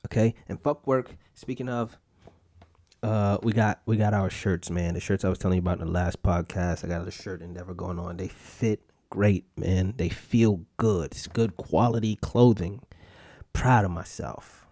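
His voice warm in tone, a young adult man hosts a podcast at normal speed with fairly even intonation, though it jumps suddenly in pitch at times. He spins profane, jokey stories in a loose, casual rant.

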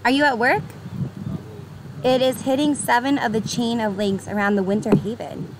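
A young woman with a New York accent chats upbeat and bubbly with her viewers, her voice sitting high. She is streaming outdoors by the water, and loud ambience with passing traffic runs under her. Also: fairly even intonation, moderate pace. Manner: bubbly, upbeat, greets chatters by name, laughs often. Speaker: livestreamer. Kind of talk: casual live-stream chat with viewers.

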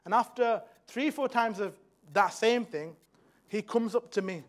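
Young man, preacher, high-pitched voice, church sermon, hushed storytelling, fervent exhortation. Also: unhurried. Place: church hall.

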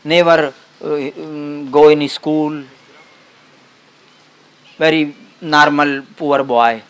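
A man as a spiritual teacher, giving a satsang talk and telling a story in simple, broken English with short, halting phrases. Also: a little high, fairly even intonation, a bit bright, dry recording.

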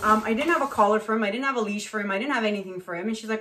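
A middle-aged woman from Canada, painting on camera and telling a story in a casual, animated way, acting out the voices of the people in it. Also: medium pitch, rapid-fire, few pauses. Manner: animated, acts out voices in her stories. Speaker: acrylic pour painter.

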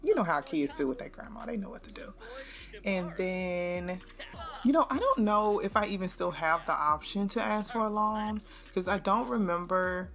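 A woman's voice: medium pitch, normal speed, soft background music. Chatty woman narrating a game. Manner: chatty, slangy, animated storytelling. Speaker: gameplay narrator. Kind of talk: casual game commentary.

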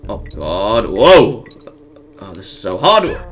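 A man commentating on his own gameplay in an excitable way, yelping and reeling off strings of "no". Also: medium pitch, takes it slowly. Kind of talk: let's play commentary. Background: faint game music.

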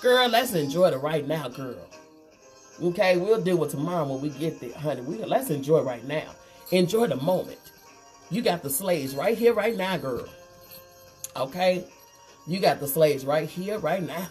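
A woman, hosting a casual makeup livestream and chatting warmly with viewers. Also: deep voice, expressive, normal speed. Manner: chatty, reads viewer comments aloud, calls them girl and honey. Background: faint Christmas music.

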